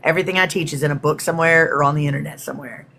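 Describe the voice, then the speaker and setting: A woman's voice: low-pitched, steady tone, very fast, creaky, a bit bright, slight background noise. A woman from Texas, hosting a spiritual livestream in a chatty, rambling way and greeting viewers by name. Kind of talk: casual livestream talk.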